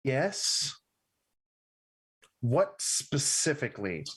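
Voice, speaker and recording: A man's voice: mid-range voice, big pitch swings, extremely slow, a bit bright, husky. A man narrating as game master of a tabletop game, playful and rambling, who keeps checking in with "right?".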